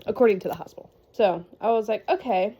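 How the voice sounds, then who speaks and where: A woman's voice: mid-range voice, quick pace, mellow, slightly rough. A young woman casually telling a story in a rambling vlog style, with lots of fillers and laughs. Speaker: vlogger.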